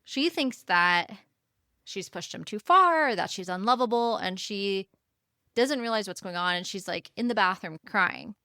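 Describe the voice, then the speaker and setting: A woman's voice: mid-range voice, lively intonation, unhurried, pushed and bright, no room sound, clean studio sound. A woman co-hosting a book podcast, chatting casually and animatedly about a novel and acting out the characters' lines. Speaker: podcast co-host.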